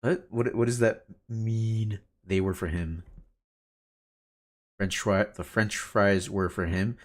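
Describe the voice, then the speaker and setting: A man's voice: fairly low pitch, fairly even intonation, slow pace. A man streaming a game, chatting casually with his chat and laughing often. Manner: laid-back, laughs often, reads chat aloud.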